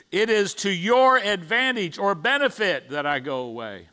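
A man's voice: high-pitched, sing-song, normal speed, bright, forceful tone. A man preaching a conversational sermon in church, stumbling over restarts and acting out the disciples' side in paraphrase. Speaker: pastor. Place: church sanctuary.

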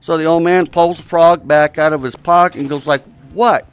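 A man's voice: fairly high pitch, steady tone, clear, resonant tone. A man telling long rambling jokes in a casual online hangout, with lots of hesitant uhs. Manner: rambling, drawn-out delivery with many uhs. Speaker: joke teller in an online game lobby.

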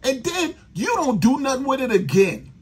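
Angry new guy cussing about his team, really raspy voice, pitch jumps all over. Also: sing-song, normal speed, a little mellow. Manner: profane, exasperated ranting. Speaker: sports podcast host. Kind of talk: angry fan rant.

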